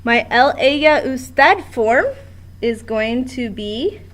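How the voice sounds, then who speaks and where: Slow, patient woman teaching Spanish. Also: a little high, fairly bright tone. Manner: patient, step-by-step explaining. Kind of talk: classroom lesson at a whiteboard. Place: classroom.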